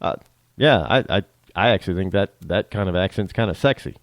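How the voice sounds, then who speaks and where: A man's voice: sits low, fairly quick, no echo. A man from the northern United States hosting a talk show, chatting alone in a rambling way with many restarts and a northern American accent. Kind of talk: casual solo monologue.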